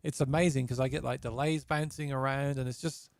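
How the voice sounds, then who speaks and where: A man's voice: medium pitch, steady tone, brisk, gravelly, a little mellow, dry recording, clean studio sound. A man from England, a musician guest, chatting casually on a video stream and often repeating words as he restarts sentences.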